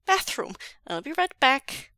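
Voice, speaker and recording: A woman's voice: high-pitched, sing-song, measured pace, gravelly, bright, forceful tone, dry recording, studio quality, voice pushed up, heavily acted. A woman voicing a cheerful, awkward teenage boy apprentice witch who asks bouncy, nosy questions in an audiobook reading of fan fiction.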